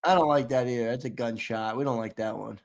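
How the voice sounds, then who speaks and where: A man's voice: medium pitch, quick pace, creaky. Playful, laughing live-stream host man. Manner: laughing, playful, reads chat aloud. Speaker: podcast host. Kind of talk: casual live-stream banter.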